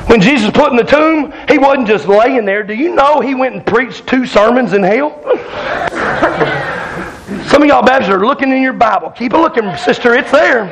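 High-pitched hollering preacher man. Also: lively intonation, normal speed, slight background noise, poor audio. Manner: loud, hollering Southern-style preaching with call-outs to the congregation. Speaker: pastor. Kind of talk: fiery sermon. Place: church sanctuary with congregation.

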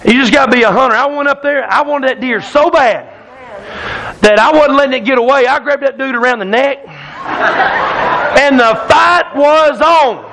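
A man's voice: extremely high pitch, fairly quick, pushed and bright, poor audio. A man preaching a sermon in a church, telling a folksy hunting story that keeps the congregation laughing. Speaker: pastor. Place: church sanctuary.

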